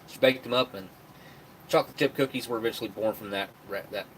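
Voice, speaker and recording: A man's voice: lowish voice, quick pace, a little hiss or hum. Chatty man streaming live. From West Virginia. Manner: rambling, chatty, reads viewer comments aloud. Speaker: livestream host. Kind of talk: casual live-stream chat.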